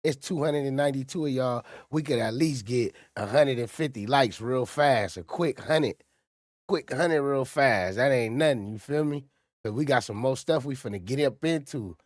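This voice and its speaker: A man's voice: mid-range voice, normal speed, no room sound, clean studio sound. A man hosting a casual livestream, reacting to clips and urging his chat to hit the like button in loose, slangy talk. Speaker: livestream host.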